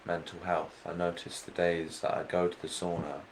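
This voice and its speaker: A man's voice: deep voice, little pitch movement, moderate pace, rough recording. A young man, the host's son, answering briefly and hesitantly in a casual chat. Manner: laconic, hesitant. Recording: faint background noise.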